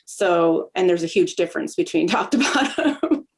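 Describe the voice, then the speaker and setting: A woman's voice: lowish voice, animated, normal speed. A middle-aged woman from Canada hosting a podcast, telling stories chattily and laughing often. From Southern Alberta, Canada. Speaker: podcast host. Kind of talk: casual conversation.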